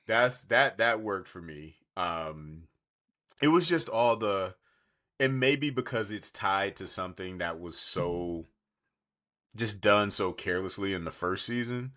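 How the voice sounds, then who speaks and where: Low-voiced animated male podcaster. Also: slow. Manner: animated, jumps into voices for quotes. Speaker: podcast co-host. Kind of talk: casual TV review chat.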